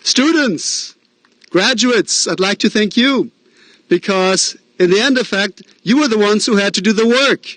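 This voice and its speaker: A man with a Midwestern American accent delivers a principal's welcoming address at a graduation ceremony. His voice sits notably high, and the recording is dry and close. He talks in an earnest, encouraging way, with fillers and self-deprecating asides. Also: measured pace, fairly bright tone, dry recording. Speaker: school principal. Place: outdoor drive-in graduation ceremony.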